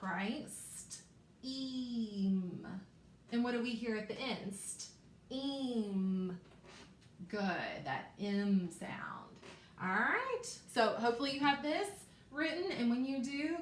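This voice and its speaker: A woman teaches a recorded phonics lesson to young children, pausing often to check in. She sounds out each word slowly and with exaggerated care in a fairly high voice. The room is echoey, with a faint hiss underneath. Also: fairly bright tone. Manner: slow, exaggerated sounding-out of words; encouraging, checks in with frequent okays.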